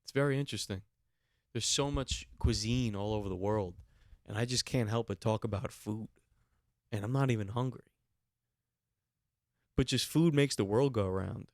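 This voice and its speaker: A man's voice: lowish voice, moderate pace, pauses often, dry recording, clean studio sound. A man hosting a podcast alone, ranting comically with big jumps into incredulous, raised questions while holding a handheld mic. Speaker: podcast host. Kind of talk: solo comedic rant. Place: alone in a small room.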